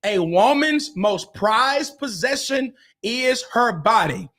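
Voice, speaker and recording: A man's voice: very high-pitched, animated, slow, sharp tone. A man, hosting a podcast and giving relationship advice in an emphatic, preacher-like way, repeating phrases and calling out to his listeners.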